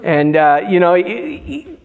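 Male preacher with a fairly high voice, alternating scripture reading and casual commentary, recorded in a reverberant church hall. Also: big pitch swings, unhurried, vocal fry, smooth. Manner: reads scripture aloud and breaks in with loose, conversational asides. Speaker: pastor. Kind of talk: sermon.

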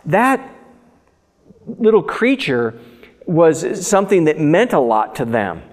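Male preacher with a fairly high voice, alternating scripture reading and casual commentary, recorded in a reverberant church hall. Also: very animated, takes it slowly. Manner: reads scripture aloud and breaks in with loose, conversational asides. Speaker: pastor. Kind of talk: sermon.

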